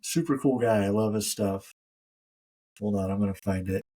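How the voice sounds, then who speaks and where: A man with a husky, slightly rough voice co-hosts a casual podcast. He jokes around, gets sidetracked and often leaves his sentences hanging. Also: on the low side, moderate pace, warm tone, low-quality recording. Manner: chatty, jokey, trails off mid-sentence. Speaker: podcast co-host. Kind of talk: casual chat.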